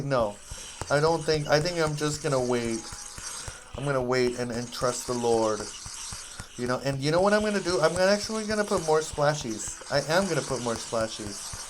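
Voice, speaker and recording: A man's voice: mid-range voice, slight background noise. A man giving casual, rambling gameplay commentary, goofy and self-mocking as he plays.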